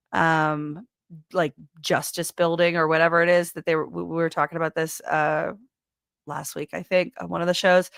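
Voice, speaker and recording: A woman co-hosting a news talk show, reading stories and tossing in sarcastic jokes. Her pitch sits in the middle of the range, and she often trails off while hunting for the next item. The recording is dry and close. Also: creaky, no echo. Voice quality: sarcastic, jokey, trails off when searching. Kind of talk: casual news commentary.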